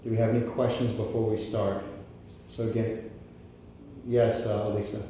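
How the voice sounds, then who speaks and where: A man leading a guided breathwork class, giving steady rhythmic coaching cues to a group in a workshop room. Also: fairly low pitch, normal speed, a little hiss or hum. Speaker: breathwork instructor. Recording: echoey room from a distant mic.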